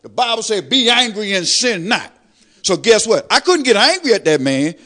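An older man preaching a testimony sermon, animated, swelling louder on praise lines. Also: high voice, moderate pace. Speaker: lay preacher.

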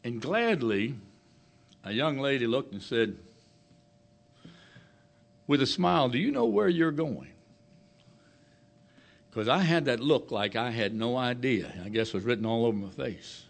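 A man preaching a sermon, slow and emphatic, rising to loud declarations and dropping to hushed phrases. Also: mid-range voice, lively intonation, creaky.

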